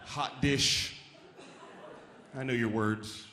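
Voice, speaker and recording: On a theater stage, a man performs a stand-up set, riffing casually with the audience and occasionally imitating chirpy voices. His voice sits on the high side, fairly bright, at a moderate pace. The live hall sounds roomy, with faint crowd noise and audience laughter.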